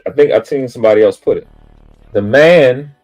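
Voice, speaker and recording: A man's voice: medium pitch, moderate pace, a little mellow, soft background music. A man on a live stream lecturing about spiritual teachings in an emphatic, preachy way, swearing casually and boasting about himself. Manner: self-aggrandizing, spiritual teaching tone. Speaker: panel speaker on a live stream.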